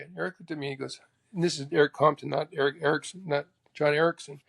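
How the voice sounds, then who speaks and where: A man from Canada, a former tour golfer, telling stories as a guest in a lively, casual way, acting out quotes with sudden exclamations. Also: a little high, fast, creaky. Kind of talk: casual storytelling.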